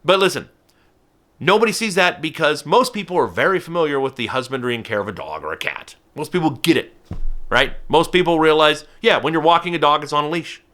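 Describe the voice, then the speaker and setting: Animated man talking falconry. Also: on the high side, a little fast. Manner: animated, with frequent restarts and playful put-on voices. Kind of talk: educational talk to camera.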